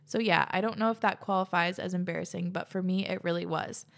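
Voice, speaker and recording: A woman's voice: on the low side, steady tone, brisk, creaky, a bit bright. A young woman host reading listeners' stories aloud and reacting between them, chatty and laughing often, swearing casually.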